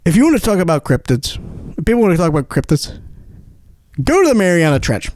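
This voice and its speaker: A man hosting a comedy show whose high voice swings widely as he rants, foul-mouthed and excitable. He stumbles and repeats himself, and the sound is dry and close. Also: quick pace, pauses often, no room sound. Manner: profane, excitable, stumbling over words. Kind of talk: rambling comedic rant.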